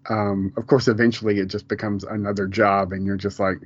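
A brisk, lowish-voiced man with a level tone co-hosts a casual podcast conversation about a TV show. He tends to ramble, restarts frequently and laughs a lot. The home recording sounds dull and lo-fi.

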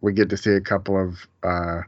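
A man's voice: low voice, level tone, brisk, no room sound, lo-fi sound. A man in his forties co-hosting a podcast, talking casually and rambling, often breaking off mid-sentence and laughing at his own retellings. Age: 40s. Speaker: podcast co-host. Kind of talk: casual chat.

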